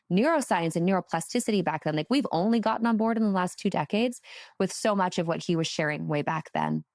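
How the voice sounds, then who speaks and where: Gravelly low-voiced woman telling a story. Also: no room sound, studio quality. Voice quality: emotional, tearful at moments. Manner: animated, chatty, lots of "like" fillers, laughs and swears while telling. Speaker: guest. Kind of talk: casual storytelling in a podcast conversation.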